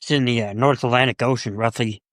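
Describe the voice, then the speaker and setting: A man's voice: mid-range voice, steady tone, quick pace, a bit bright, no room sound. A man co-hosting a podcast in casual chat, tossing off dry, teasing jokes. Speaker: podcast co-host.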